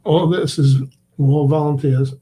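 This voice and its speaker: A man guest on a talk show, talking casually with a relaxed, halting manner. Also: on the high side, husky. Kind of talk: casual chat.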